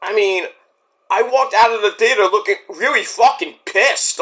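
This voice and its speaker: A man's voice: high-pitched, moderate pace, pushed and bright. A man hosting a casual solo podcast, rambling and swearing freely as he loses his thread. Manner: rambling and profane, trailing off. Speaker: podcast host.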